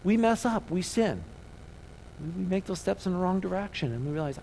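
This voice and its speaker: Preacher guy w a slightly higher voice, casual sermon, keeps asking the crowd to say words back. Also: animated, fairly quick, vocal fry, warm tone, a little hiss or hum, rough recording. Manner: call-and-response, asks audience to repeat words; rhetorical questions, conversational preaching. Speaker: pastor.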